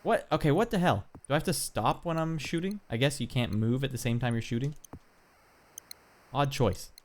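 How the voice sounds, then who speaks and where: Streaming an old basketball video game, a man comments casually, grumbling at the controls with wisecracks and light swearing in an exasperated tone. His voice is medium-pitched at a normal speed, over a noisy background.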